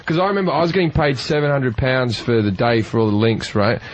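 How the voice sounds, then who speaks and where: A man's voice: medium pitch, animated, fast talker. An Australian man, a comedian guest on a radio show, telling crude comic stories and laughing at his own punchlines. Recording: radio studio with faint hiss.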